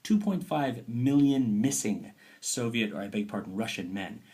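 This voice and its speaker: A man teaching a recorded history lesson, lively and talky, now and then dropping to a playful whisper. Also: mid-range voice, moderate pace. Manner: lively, dips into playful whispers and mock quotes.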